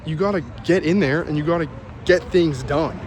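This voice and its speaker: A man's voice: fairly high pitch, normal speed, a little mellow, slight background noise. A man rambling through a casual vlog while walking outdoors on a city street, often losing his train of thought. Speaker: vlogger.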